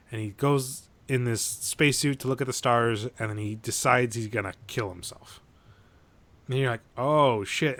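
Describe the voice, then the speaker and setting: An animated man chatting casually on a podcast, swearing freely and acting out quoted lines as he goes. His voice sits at an ordinary middle pitch. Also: no room sound. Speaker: podcast co-host. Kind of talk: casual chat, retelling a movie.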